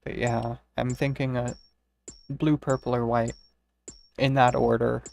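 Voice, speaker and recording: A streamer chatting casually to viewers while playing, dry and monotone, rambling and swearing now and then. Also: mid-range voice, measured pace, creaky. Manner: rambling, profane, talks to chat. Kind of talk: casual live-stream chat.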